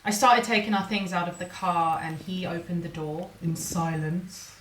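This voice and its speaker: Soft halting young wife, played by an actress. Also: female voice, on the low side, fairly even intonation, a little hiss or hum, close to an everyday voice, rough recording. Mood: shaken. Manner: soft, hesitant, halting delivery with quiet dips. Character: young wife recording a shaken message to her mother. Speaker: actor in a short film. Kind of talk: dramatic monologue as a video message.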